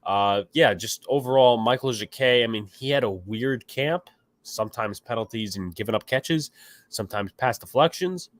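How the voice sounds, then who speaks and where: A man's voice: mid-range voice, normal speed, dry recording. A man hosting a casual sports podcast, opinionated and rambling, with a stuffy nose, reacting to chat comments. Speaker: podcast host.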